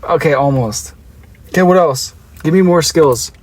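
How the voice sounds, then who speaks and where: A man's voice: fairly high pitch, moderate pace, darkish tone, dry recording. A young man with an Australian accent, chatting playfully with his viewers on a live stream from his car. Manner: playful, chatty, reads and answers chat. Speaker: livestreamer. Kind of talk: casual live-stream chat.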